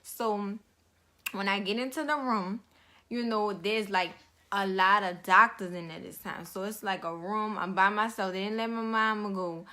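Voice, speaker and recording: A woman's voice: medium pitch, fairly even intonation, moderate pace, sharp tone. A young woman telling her own story in a casual vlog, slangy and conversational with lots of fillers.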